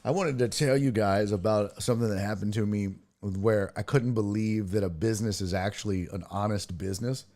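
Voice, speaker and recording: Hosting a sports talk stream, this podcast host chats casually, rambles, swears, and laughs as he tells stories. His voice is warm and on the low side, a little fast, with hardly any pauses.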